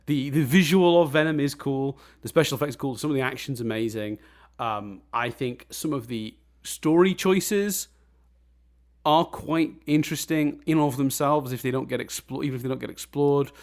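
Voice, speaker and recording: Animated, laughing male podcast co-host. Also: mid-range voice. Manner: animated, swears, laughs often. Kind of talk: casual film review chat.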